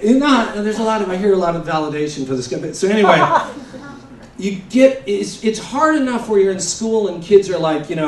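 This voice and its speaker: A man doing a stand-up comedy set, telling a rambling story with shouted character bits, from the of America. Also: high-pitched, animated, fairly quick. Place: comedy stage before a laughing audience. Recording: roomy live venue, mic heard from a distance.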